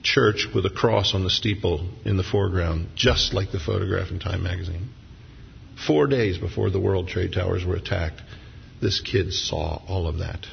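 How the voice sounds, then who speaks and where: A male pastor preaches with a gravelly, fry-edged voice that carries a long reverb through a big church. He moves between humorous stories and earnest reflection. The recording sounds dull and lo-fi, with a faint hiss underneath. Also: deep voice, normal speed. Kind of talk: sermon.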